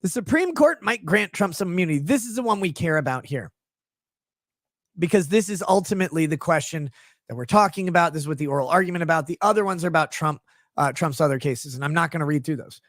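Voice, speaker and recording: A man with a high-pitched voice hosts a commentary show, reading news and cutting in with mocking, profane asides. He sounds close to the mic in a dry, dead room. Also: lively intonation, fast, dry recording. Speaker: legal commentary show host.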